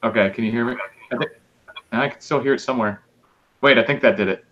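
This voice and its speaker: A man's voice: medium pitch, quick pace, a bit bright, dull audio, slight background noise. A man hosting a casual podcast chat over a video call, easygoing and joking. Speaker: podcast host. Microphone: video call mic.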